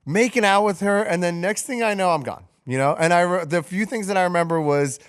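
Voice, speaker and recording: A man tells a wild story on a podcast, his voice sitting a bit high for a guy. He talks loosely and profanely and piles on fillers like "you know" and "like". The energy rises and falls with the tale. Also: a little fast, clear, resonant tone. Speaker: podcast co-host telling a story. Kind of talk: casual storytelling.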